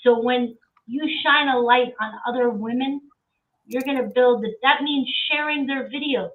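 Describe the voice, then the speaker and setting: A woman's voice: high-pitched, normal speed. A woman speaking as a guest on a talk show, effusive and repeating phrases for emphasis, over a remote call. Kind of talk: casual talk-show conversation. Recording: tinny remote call from far off.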